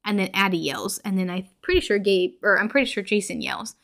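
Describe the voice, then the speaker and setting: A woman's voice: medium pitch, a little fast. Woman, podcast host, casual movie recap, chatty, lots of fillers.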